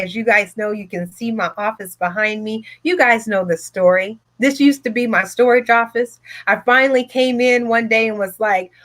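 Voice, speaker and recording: High-voiced, emphatic woman speaker. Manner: emphatic, repetitive, animated storytelling. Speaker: retreat host, speaker. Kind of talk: motivational personal talk. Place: home office.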